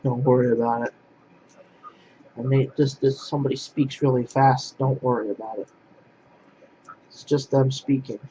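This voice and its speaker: A man's voice: mid-range voice, fairly even intonation, moderate pace, pauses often, dark tone, lo-fi sound, slight background noise. Blunt, repetitive man ranting on a webcam. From Poland. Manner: blunt, repetitive, restarts phrases. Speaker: vlogger. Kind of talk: casual ranting monologue to camera.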